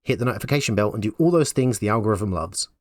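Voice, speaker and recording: A man's voice: on the low side, expressive, fast, a little mellow, no room sound, studio quality. A man giving blunt, wry opinion commentary in a conversational way. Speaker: YouTube commentator.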